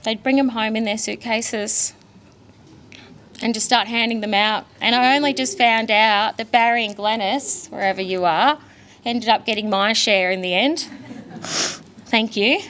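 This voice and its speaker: Young Australian woman, daughter delivering a eulogy, fairly high voice, candid and emotional, storytelling. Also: measured pace, a bit bright, slight background noise. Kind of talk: funeral eulogy.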